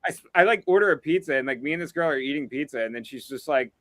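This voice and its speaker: A man's voice: a little high, animated, rapid-fire, fairly bright tone, no echo. A man chatting as a comedy guest, laid-back and rambling with lots of fillers. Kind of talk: casual comedic chat.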